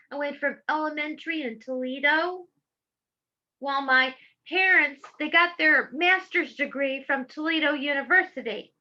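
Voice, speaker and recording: A middle-aged woman from Georgia, USA, speaks in a high-pitched voice with a Southern accent, giving impassioned public testimony in a fervent, preacherly style. The sound quality is lo-fi.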